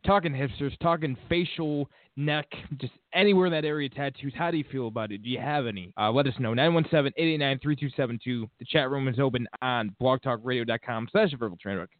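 A man's voice: mid-range voice, quick pace, few pauses, no room sound. Brief: blunt, profane male radio host, tinny lo-fi sound, dry. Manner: blunt, profane, reads call-in details. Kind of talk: casual talk radio banter.

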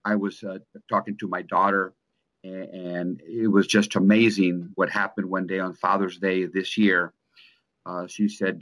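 A middle-aged man giving an earnest, emotional testimonial, speaking haltingly with many restarts and repeated words. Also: sits low, level tone, a bit bright. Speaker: coaching client. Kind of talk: personal testimonial in conversation.

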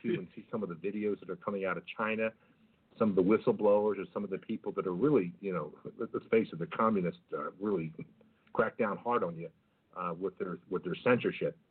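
A man hosting an internet talk radio show, reading headlines in a halting monologue full of fillers. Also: low voice, husky. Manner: halting, many fillers and restarts. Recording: phone-like lo-fi clip.

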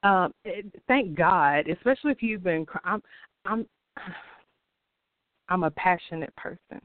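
A passionate, expressive man delivers his weekly astrology forecast, laughing easily as he talks. His voice sits fairly high for a man. The sound is tinny and phone-like, with a dry, close feel. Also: takes it slowly, no echo.

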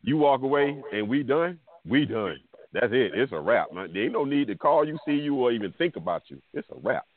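A man hosting a casual sports talk show, trading teasing, animated banter with his co-hosts. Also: medium pitch, a little fast, hardly any pauses. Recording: tinny phone-like audio with faint noise.

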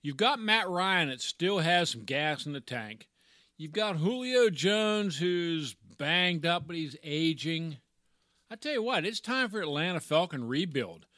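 Sports pod cohost, kinda high bright voice, rambles and restarts, dry mic. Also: male voice, big pitch swings, a little slow, dry recording. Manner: rambling, restarts with repeated words. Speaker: podcast co-host. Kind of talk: casual sports chat.

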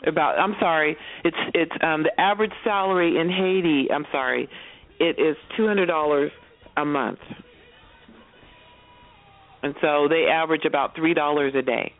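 A woman's voice: deep voice, normal speed, soft background music. A woman guest on a call-in show, speaking earnestly and fervently and often restarting her sentences. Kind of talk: casual call-in interview. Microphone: phone. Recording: tinny phone line.

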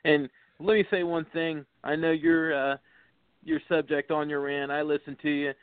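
A man's voice: fairly high pitch, little pitch movement, moderate pace, clean tone, no echo. A male co-host of a radio show, talking casually and backing up his partner. His voice comes through dry and narrow, like a phone call. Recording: dry phone-line audio.

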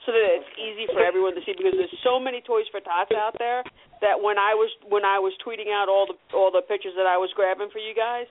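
A woman's voice: medium pitch, steady tone, fast talker. A woman co-hosting a casual call-in show, giving helpful tips. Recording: tinny phone-line audio.

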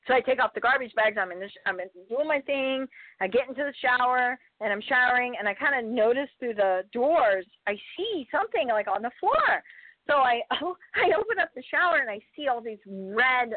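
Chatty actress on a tinny phone line. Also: female voice, fairly high pitch, normal speed, dry recording. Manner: animated, full of fillers, acts out loud quoted voices. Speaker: guest actress. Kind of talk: casual podcast storytelling.

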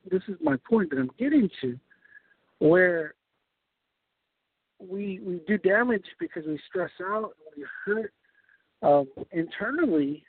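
Lively high-voiced preacher, tinny sound. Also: male voice, breathy edge, no echo. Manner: explains step by step, often checking in with "right?". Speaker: preacher leading a Bible study. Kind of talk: sermon-style Bible teaching. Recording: tinny phone-like sound, dry.

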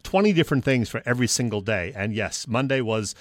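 A man co-hosting a casual sports radio chat, relaxed and jokey as he tells stories. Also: mid-range voice, fast, no room sound. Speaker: co-host.

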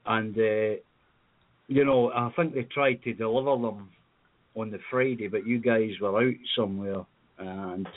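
Scottish male caller, rambling storyteller, mid-pitched, heard over a tinny phone line. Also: steady tone, measured pace. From Scotland. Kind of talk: casual phone chat.

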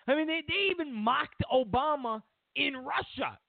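Man, talk show host, mocking, gravelly voice, dry close sound. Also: very high-pitched, animated, moderate pace, dry recording. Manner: sarcastic, mocking, ranting. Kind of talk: political commentary monologue. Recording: tinny phone-like dry sound.

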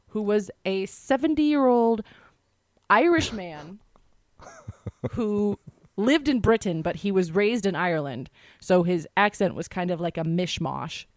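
A woman co-hosting a podcast, telling a story in a quick, animated way and acting out the quotes. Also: medium pitch, dry recording, clean studio sound. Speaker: podcast co-host. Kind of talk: casual storytelling chat.

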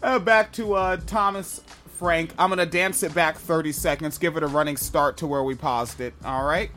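A man's voice: on the high side, normal speed, sharp tone, soft background music. Joking, profane male podcast host. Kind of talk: casual chat.

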